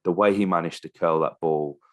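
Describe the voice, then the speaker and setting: A man with a very low voice chats as co-host of a casual football podcast. He sounds enthusiastic and chummy. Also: fairly even intonation, brisk. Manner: enthusiastic, chummy, says mate and bro.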